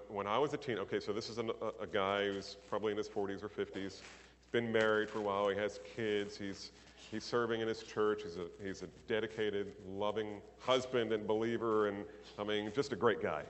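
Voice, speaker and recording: A man's voice: on the low side, moderate pace, slight background noise. Man telling a sermon story in a hall. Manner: animated storytelling, acting out characters with raised voice. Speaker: preacher.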